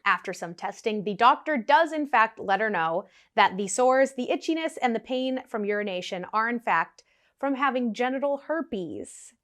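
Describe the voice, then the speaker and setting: Young woman, storytime vlog, animated, laughs often, pitch jumping around. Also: moderate pace.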